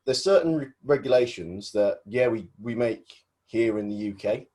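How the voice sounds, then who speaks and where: On a casual podcast, a male guest explains wiring rules hesitantly, in an explanatory way with many fillers. His voice is fairly low and dark in tone, at normal speed.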